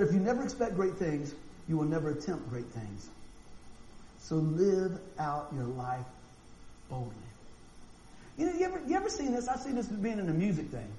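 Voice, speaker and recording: A man preaching a sermon, animated and folksy, acting out quotes and often repeating words. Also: high voice, a little fast. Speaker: pastor. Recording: echoey room with faint noise.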